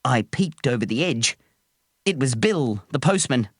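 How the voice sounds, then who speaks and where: A woman reading a children's book aloud in a slow, expressive way. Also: a bass voice, dry recording, studio quality. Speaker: audiobook reader.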